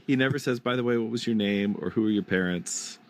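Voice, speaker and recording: Male podcast co-host, lowish voice, loose joking chat and measured verse reading. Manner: joking, conversational.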